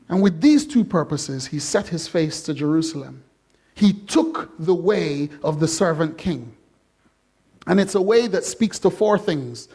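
A male pastor preaching a sermon in a church, animated and jokey, acting out voices. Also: high-pitched.

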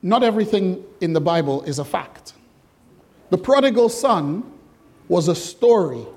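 A man's voice: sits high, expressive, a little slow, darkish tone. A man preaching an interactive sermon to a congregation, chatty and jokey, asking questions and teasing the room. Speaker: pastor. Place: church hall with congregation.

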